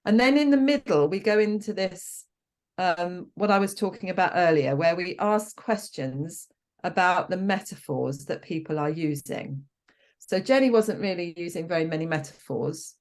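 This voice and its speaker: A woman coaching trainer explaining her method, acting out sample exchanges between coach and client, with frequent ums and restarts. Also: fairly low pitch.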